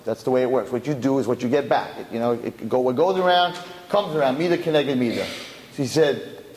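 A man speaking as a rabbi, telling a story in a lively way and acting out the people in it. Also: medium pitch, brisk. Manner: animated, acts out the dialogue of the story. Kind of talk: storytelling talk. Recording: echoey hall.

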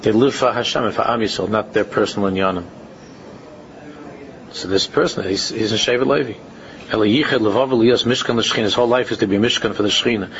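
A man's voice: fairly low pitch, fast talker, a bit bright. A man giving an informal religious talk, repeating his phrases and rising into emphatic questions. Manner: repetitive, restates phrases, rises to emphatic questions. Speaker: religious speaker. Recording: muffled lo-fi recording.

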